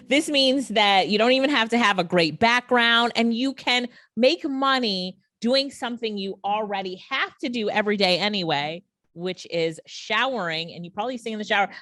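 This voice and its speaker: A woman's voice: on the high side, pushed and bright, no echo, clean studio sound. A woman hosting a casual online training, reacting with laughter and enthusiasm. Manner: enthusiastic, laughs often, asks the viewer questions.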